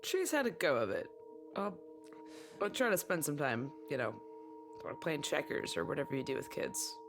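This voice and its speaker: A woman's voice: deep voice, very animated, normal speed, music in the background. A woman playing a tabletop game, talking in character in a friendly, light way. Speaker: player.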